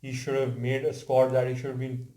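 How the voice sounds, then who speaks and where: Echoey man in flat football chat. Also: mid-range voice, brisk. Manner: talks over others, restarts phrases. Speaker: football pundit. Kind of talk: casual panel chat.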